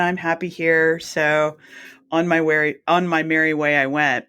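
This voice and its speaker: A woman's voice: low-pitched, a little slow, clean tone. Chatty woman telling her story. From South Mississippi. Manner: chatty, animated, acts out her own quoted reactions. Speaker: guest, anesthesiologist assistant. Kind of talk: casual storytelling interview.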